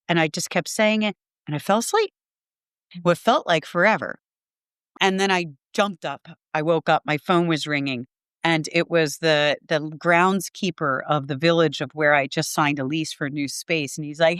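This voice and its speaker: A middle-aged woman talking as a podcast guest, sharing a personal story earnestly and from the heart. Her voice is lowish and smooth, and the sound is dry and close. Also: normal speed, a bit bright, dry recording. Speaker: podcast guest, Reiki teacher.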